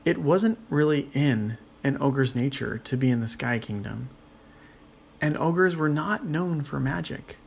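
Gravelly male children's storyteller. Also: fairly high pitch, expressive, a little slow.

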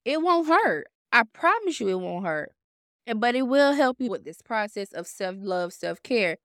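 Bright, crisp-voiced young woman host. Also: on the high side, normal speed, no room sound, clean studio sound. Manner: blunt, profane, animated storytelling. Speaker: podcast host. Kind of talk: candid self-help monologue.

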